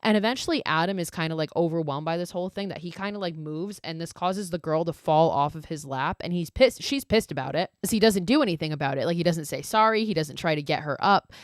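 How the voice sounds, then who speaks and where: A woman hosts a podcast and recaps a horror movie casually, leaning on "like" and dropping swear words. Her voice sits on the low side for a woman. She is close to a podcast mic in a dry, dead-sounding space. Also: quick pace, hardly any pauses, no echo. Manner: chatty, peppered with "like" and swearing. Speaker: podcast host.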